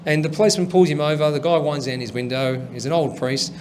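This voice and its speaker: A man's voice: fairly high pitch, fast talker, darkish tone. Rambling man hosting a comedy show. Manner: rambling, chatty, with many fillers. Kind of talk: stand-up storytelling and joke telling. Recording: faint background noise.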